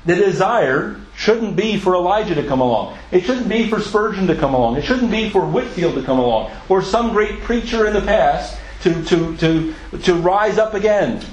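A man with a high voice preaches a sermon, earnest and emphatic, asking his listeners questions. He often stumbles and repeats a word before pushing on. The room is echoey around him. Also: expressive, normal speed, few pauses. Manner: stumbles and repeats words mid-sentence.

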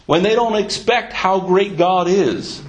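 Fervent preacher man, fairly high voice. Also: unhurried. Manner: reads King James scripture aloud, then explains it with rising fervor. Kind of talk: sermon with scripture reading.

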